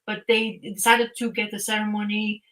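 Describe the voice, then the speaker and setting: A woman's voice: medium pitch, normal speed, rough recording. A young woman on a podcast, chatting casually and retelling a comic's plot in a rambling way, full of fillers and restarts. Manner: rambling, animated storytelling with frequent fillers and restarts. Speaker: podcast co-host.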